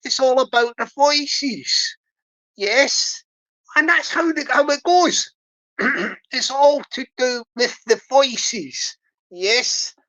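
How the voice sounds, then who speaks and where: A woman's voice: high voice, slow, a bit bright. A woman hosting a livestream in a chatty, giggly and playful way. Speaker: livestream host. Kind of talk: casual livestream chat. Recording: dull lo-fi stream audio.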